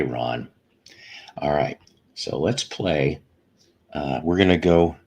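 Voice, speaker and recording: A man with an extremely deep, gravelly voice hosts a live stream. He talks slowly and rambles, greeting chatters as he goes. His tone is husky, and his pitch swings widely. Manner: meandering, greets chatters, chuckles. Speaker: podcast host.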